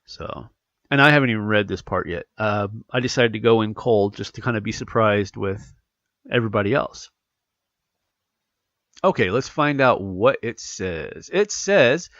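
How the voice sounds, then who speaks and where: A man talks through his podcast in a loose, rambling way, and his voice sounds stuffy and congested. His pitch rises and falls a lot, with a gravelly edge underneath. The sound is dull and lo-fi, recorded dry and close with no room echo. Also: measured pace. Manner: rambling, animated, self-correcting. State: congested from allergies. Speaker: podcast host. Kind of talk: casual solo podcast chat.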